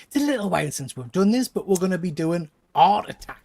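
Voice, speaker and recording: A man's voice: sits high, very animated, fast, darkish tone. A Geordie man hosting a casual chat over a video call, jokey and chatty. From North East England. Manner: jokey, chatty, with restarts and laughs. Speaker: host.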